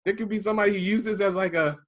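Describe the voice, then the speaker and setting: A man in his thirties from Maryland telling a story in casual chat, acting out the quotes with lively jumps in his voice. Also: racing. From Prince George's County, Maryland. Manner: animated, acts out quotes with big jumps in pitch. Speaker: podcast co-host telling a story.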